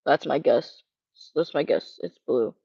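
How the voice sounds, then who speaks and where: A streamer with a feminine-sounding voice, casually ranting and rambling, cursing freely and reading chat questions aloud. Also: female voice, deep voice, a little slow, gravelly, husky, no room sound. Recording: dull lo-fi dry mic sound.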